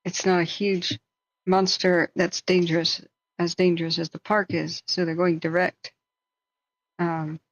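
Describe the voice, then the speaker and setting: A tired woman hosting a casual live wildfire-tracking stream, slightly hoarse and thinking aloud while chatting with viewers. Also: fairly low pitch, level tone, a little slow, muffled recording. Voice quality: slightly hoarse, clears throat. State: tired after staying up all night. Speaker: wildfire tracking livestream host.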